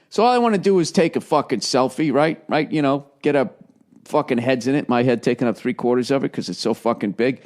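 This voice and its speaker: A man's voice: a little high, fairly quick, darkish tone. Profane ranting middle-aged man. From United States. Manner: profane, ranting, acts out quoted voices. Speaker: podcast host. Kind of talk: rambling comedic monologue.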